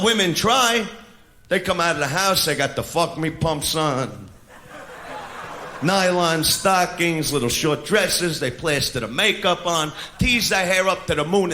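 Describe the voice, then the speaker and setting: A male stand-up comedian doing a crude, brash routine, shouting his punchlines live on stage. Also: high voice. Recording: echoey live venue with laughing audience and noise. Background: audience laughter.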